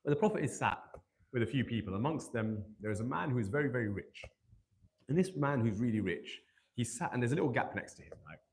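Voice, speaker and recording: Guy doing a religious youth talk in a hall, tells stories, acts out the dialogue, asks the crowd questions, mid pitch. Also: lively intonation, fast talker. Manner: storytelling, acting out quoted dialogue; rhetorical questions to the audience. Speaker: youth majlis speaker.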